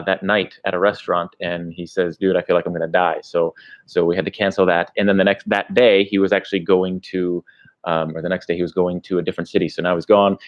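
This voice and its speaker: A travel vlogger who speaks English as his first language chats casually on a livestream, rambling through answers to viewer questions. His voice sits low and the sound is lo-fi.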